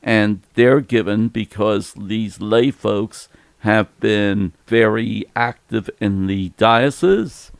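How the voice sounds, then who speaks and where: A man in his seventies, a priest, explaining church matters in a gentle, easygoing chat and laughing easily. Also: on the low side, takes it slowly, vocal fry, clear, resonant tone, no room sound. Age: 70s. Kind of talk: casual Q&A chat.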